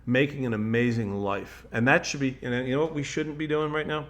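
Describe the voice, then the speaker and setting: In a brisk, fairly bright mid-range voice with fairly even intonation, a man delivers a casual, rambling motivational talk. He often restarts sentences, leans on "like" as a filler, and switches into quoted voices.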